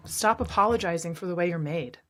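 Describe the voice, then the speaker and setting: A woman's voice: lowish voice, fairly quick. Earnest woman co-hosting a chat show. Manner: earnest, encouraging, often laughing. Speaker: podcast co-host. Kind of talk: casual chat.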